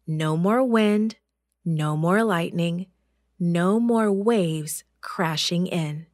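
A woman narrating a Bible story for children in a slow, clear and expressive way. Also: on the low side, dry recording, clean studio sound.

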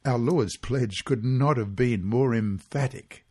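A man reading a weekly Bible study guide aloud, measured and earnest, reading the scripture passages in full. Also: medium pitch, darkish tone, breathy edge.

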